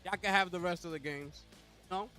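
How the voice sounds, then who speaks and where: Young male streamer, high-pitched, hyped slangy chat host, faint music underneath. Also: fairly quick, bright, forceful tone. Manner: hyped, talks straight to chat with repeated slang call-outs. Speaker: livestream host. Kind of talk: casual live co-stream chat.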